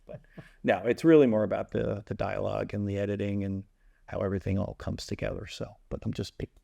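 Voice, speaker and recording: This is a man with a gravelly, creaky voice. He hosts a theater chat show and talks in a loose, meandering way, doubling back on his words and slipping in jokes at his own expense. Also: lowish voice, steady tone, fast, warm tone. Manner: rambling, joking, restarts often. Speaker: community theater podcast host and epilogue writer. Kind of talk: casual rambling chat with self-mocking jokes.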